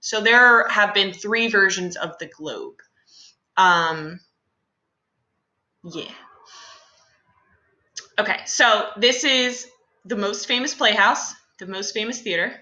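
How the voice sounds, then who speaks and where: A woman's voice: medium pitch, takes it slowly, pauses often, sharp tone, roomy sound, low-quality recording. A young adult woman teacher talking through a class lesson in a chatty, casual way with many fillers and asides.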